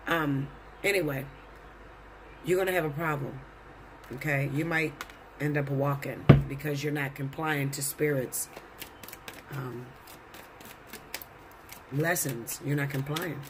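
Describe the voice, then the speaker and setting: A man's voice: a little high, fairly even intonation, slow, pauses often, background noise. A man giving a casual tarot reading to his viewers, blunt and profane, lecturing them. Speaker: tarot reader.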